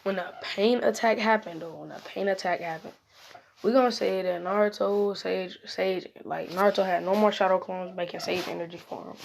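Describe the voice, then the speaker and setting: A woman's voice: mid-range voice, steady tone, moderate pace, vocal fry, a little hiss or hum. A woman casually telling an improvised fan story, rambling and correcting herself as she goes. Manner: rambling, self-correcting, slangy.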